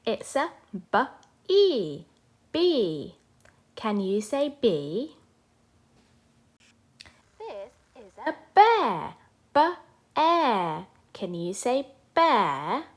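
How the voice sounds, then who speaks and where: A woman teaches young children their letters. She talks slowly, with a lively voice that rises and falls, and she stretches each letter sound so the little ones can repeat it. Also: fairly high pitch, husky. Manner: slow, sing-song, sounding out letters for children. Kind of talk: children's phonics lesson.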